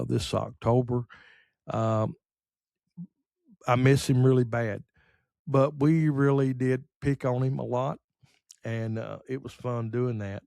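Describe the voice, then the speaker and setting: A middle-aged man telling rambling, folksy stories on a podcast, full of pauses and fillers. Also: medium pitch, creaky, darkish tone, dry recording. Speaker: podcast host. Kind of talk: casual storytelling.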